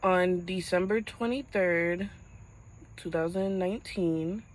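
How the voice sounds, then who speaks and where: A young woman vlogging to camera, telling a painful personal story in a halting voice as she fights back tears. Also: mid-range voice, fairly even intonation, rough recording.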